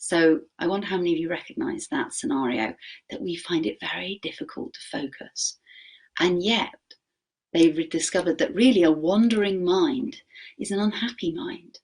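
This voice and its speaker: A woman with a rather low, slightly rough voice teaches mindfulness to a group of teachers. She poses questions to them, checks in by asking "okay?", and eases into a gentle, slower pace when guiding a practice.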